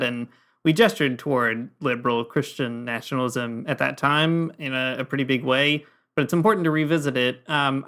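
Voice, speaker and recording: A man co-hosting a podcast with an ordinary mid-pitched voice. He walks through his ideas in a thoughtful, explanatory way, keeping the tone relaxed and conversational. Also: clear, resonant tone. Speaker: podcast co-host. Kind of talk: casual podcast chat.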